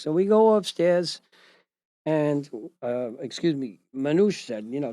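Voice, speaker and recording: A man's voice: on the high side, animated, a little slow, darkish tone, no echo, clean studio sound. Wry older man telling a story. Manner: wry, chuckling asides. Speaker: host, retired judge. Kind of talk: storytelling anecdote.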